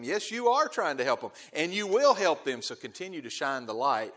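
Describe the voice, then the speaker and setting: A man preaching a sermon as pastor, emphatic, repeating key phrases and swelling loud on key words before dropping to quiet asides. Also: on the high side, sing-song, normal speed. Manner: emphatic, repeats key phrases, quotes scripture in King James wording.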